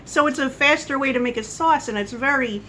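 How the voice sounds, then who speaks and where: Bright chatty woman vlogger. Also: high voice, brisk, a little hiss or hum, poor audio. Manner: rambling, chatty, goes off on tangents. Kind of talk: casual coffee-chat monologue.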